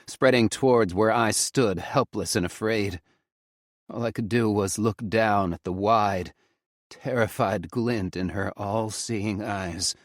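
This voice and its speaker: A male audiobook narrator reading a first-person story in a grave, measured manner on a close studio mic. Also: low-pitched, dry recording.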